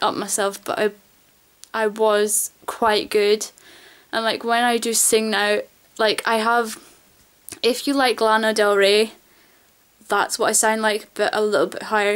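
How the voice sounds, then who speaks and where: A woman vlogging in a casual, rambling chat to camera, gushing about things she loves and swearing casually. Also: mid-range voice.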